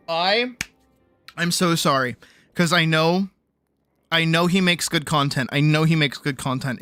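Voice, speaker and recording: A man's voice: fairly high pitch, pushed and bright. A young man ranting casually on a game live stream, rambling with stumbling restarts and swearing.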